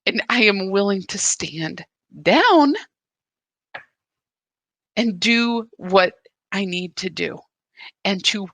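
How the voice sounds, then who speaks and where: A woman hosts a live spiritual practice and speaks in a confessional, searching way. Her delivery is unhurried and her voice has a bright, clear edge. The recording is dry and close, with no room sound. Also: mid-range voice, lively intonation, no room sound. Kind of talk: live reflective spiritual talk.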